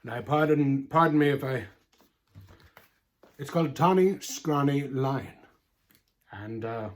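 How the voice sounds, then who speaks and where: A man's voice: mid-range voice, normal speed, pauses often. A man reading a children's story aloud in a comic, mock-earnest way, full of rambling asides.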